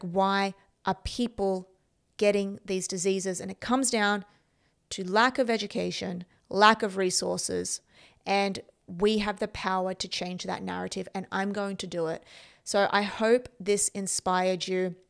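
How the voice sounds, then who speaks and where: A woman's voice: medium pitch, gravelly. A woman speaking earnestly and with determination to camera in a personal vlog. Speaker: vlogger.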